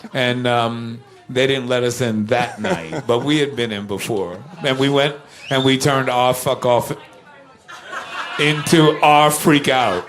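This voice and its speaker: An older man guesting on a talk show who tells his stories with real animation. He laughs as he goes and drops into other people's voices along the way, in a relaxed, casual interview. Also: medium pitch, unhurried, slight background noise. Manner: animated anecdotes, laughs, acts out quoted voices. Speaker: musician guest.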